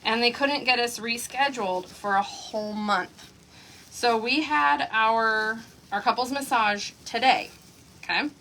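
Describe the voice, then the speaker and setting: A woman's voice: fairly high pitch, measured pace, pushed and bright, a little hiss or hum. A woman from Oklahoma, hosting a craft livestream and telling a story to her viewers in a chatty way, breaking into laughter often. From Oklahoma, USA. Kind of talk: casual chat on a livestream.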